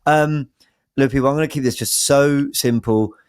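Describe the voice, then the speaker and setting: A man's voice: mid-range voice, moderate pace, smooth, no echo, studio quality. Upbeat man co-hosting a podcast. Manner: upbeat, chatty, hesitant restarts. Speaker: podcast co-host. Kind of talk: casual football podcast chat.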